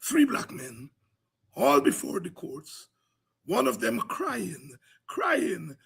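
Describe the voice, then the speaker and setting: A man hosting a political podcast, delivering impassioned commentary with rhythmic repetition that builds to shouts. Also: high-pitched, sing-song, takes it slowly, creaky, slightly rough.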